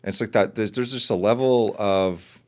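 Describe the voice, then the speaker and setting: A man's voice: lowish voice, moderate pace. A man hosting a podcast, asking questions in a chatty, casual way with side remarks. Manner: chatty, friendly questioning with asides. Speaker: podcast host. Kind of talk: casual conversational interview.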